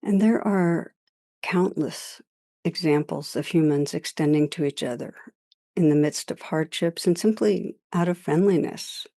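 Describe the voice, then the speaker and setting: Slow, mellow-voiced woman meditation teacher. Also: on the low side, dry recording, clean studio sound. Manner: slow, gentle, contemplative. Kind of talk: reflective spoken introduction.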